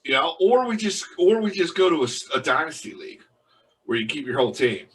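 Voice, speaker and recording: Bright-voiced man, heard from a distance. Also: on the high side, very animated, a little fast. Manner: explains at length, tags lines with "right?". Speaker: podcast co-host. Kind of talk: casual chat.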